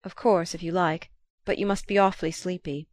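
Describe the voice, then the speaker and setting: A woman's voice: lowish voice, fairly even intonation, fairly quick, no echo, studio quality, close to an everyday voice. A woman reading as a weary, clipped young husband.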